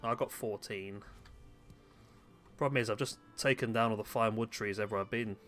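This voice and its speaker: A man's voice: fairly low pitch, normal speed, a bit bright, faint music behind. Laughing, joking man gaming. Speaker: gaming video host. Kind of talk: casual chat while gaming.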